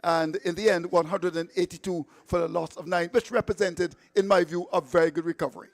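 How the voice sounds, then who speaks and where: A man's voice: high voice, fairly even intonation, fairly quick, creaky, dry recording. A man hosting live radio cricket commentary, chatty and playful, reading out the scorecard with stumbles.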